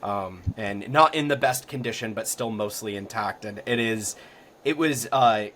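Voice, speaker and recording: A young man from Florida, a podcast guest telling stories in a casual, rambling way full of ums and likes that grows lively at the exciting parts. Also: lowish voice, moderate pace, slight background noise. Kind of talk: casual storytelling.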